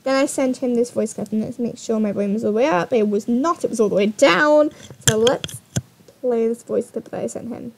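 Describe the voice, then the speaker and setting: High-voiced young woman telling a story. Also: a little fast, creaky, a little hiss or hum. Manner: animated, swears and laughs while retelling. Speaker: vlogger. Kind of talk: storytime retelling.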